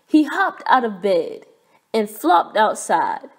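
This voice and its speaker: Slow, expressive woman reading a storybook. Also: medium pitch. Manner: clear, expressive, deliberate. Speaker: storybook reader. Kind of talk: children's read-aloud narration.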